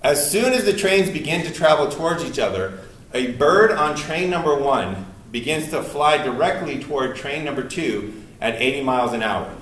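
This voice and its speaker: A man's voice: fairly high pitch, animated, moderate pace, fairly bright tone. Earnest male lecturer in an echoey room. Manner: earnest, emphatic, with frequent restarts. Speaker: university lecturer. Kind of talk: recorded class lecture. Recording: distant mic in an echoey room.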